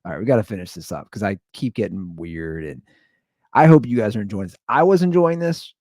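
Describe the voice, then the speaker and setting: A man's voice: lowish voice, animated, a little fast, darkish tone, dry recording, studio quality. A man hosting his show, giving amused, rambling commentary on a prank call. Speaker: show host. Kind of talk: casual commentary.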